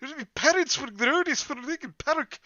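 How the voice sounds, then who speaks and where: A podcaster putting on a high, exaggerated Scottish voice for a gruff male cartoon groundskeeper. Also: expressive, normal speed, dull audio, crowd noise. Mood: mocking.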